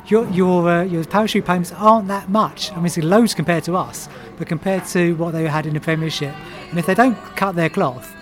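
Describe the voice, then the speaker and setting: Casting: London man, slightly raised pitch, earnest pundit, faint music behind. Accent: London English. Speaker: podcast panelist. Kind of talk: casual pub chat about football.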